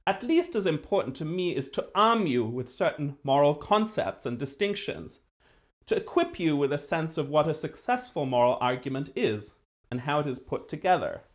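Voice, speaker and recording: Animated male philosophy lecturer. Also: fairly high pitch, moderate pace. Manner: lively, precise, with dry self-deprecating humor; acts out voices when telling a joke. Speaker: philosophy professor. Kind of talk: university lecture.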